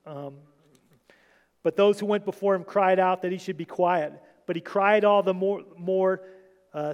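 A man's voice: high voice, fairly even intonation, normal speed, clear, resonant tone. A man preaching an informal sermon, talking to his congregation with many restarts and asides. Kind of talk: informal sermon reading scripture. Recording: long hall reverb.

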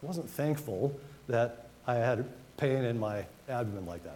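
A male pastor with a warm, mellow voice, preaching in a relaxed, conversational way and slowing right down to lean on scripture. His voice rings through a church hall with a long echo, over a faint hiss. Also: medium pitch. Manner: conversational, reads scripture slowly with emphasis. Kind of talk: sermon.

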